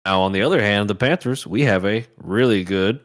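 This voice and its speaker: A man's voice: on the low side, a little fast. A man co-hosting a casual sports chat show, ranting heatedly, swearing and repeating himself. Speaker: podcast co-host.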